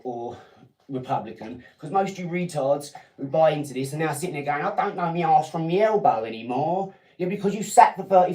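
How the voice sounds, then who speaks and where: A man's voice: on the high side, darkish tone. An English man in his forties from England, hosting a live stream and lecturing viewers in a combative, talking-down way at home. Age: 40s. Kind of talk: ranting live-stream monologue. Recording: echoey room, mic at a distance.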